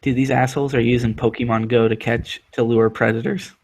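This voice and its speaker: A man's voice: medium pitch, flat delivery, brisk, a little mellow. A young man chatting casually in an online lobby, making crude jokes and swearing. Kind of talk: casual chat.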